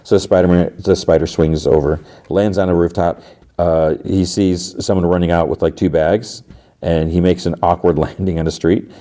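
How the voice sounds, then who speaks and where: The voice is a low-pitched, warm, mellow male one. A podcast host casually retells a TV episode and trails off into "like" and "uh" as he goes. His delivery is relaxed and conversational. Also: moderate pace. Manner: loose retelling full of "like" and "uh".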